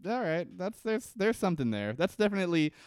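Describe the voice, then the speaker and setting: A man's voice: high voice, brisk, clean tone, dry recording, studio quality. A young man co-hosting a podcast, casually recapping a TV episode and acting out characters' lines with lots of laughter. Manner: animated, acts out characters' lines, laughs often. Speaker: podcast co-host.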